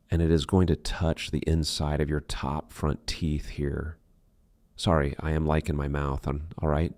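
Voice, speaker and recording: A man reading aloud an English pronunciation lesson in steady narration. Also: a bass voice, no echo, studio quality.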